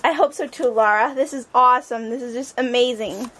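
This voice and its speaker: A woman's voice: a little high, a little fast, fairly bright tone. A woman vlogger opening presents on camera and gushing over each one with repeated exclamations. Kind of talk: casual unboxing chat.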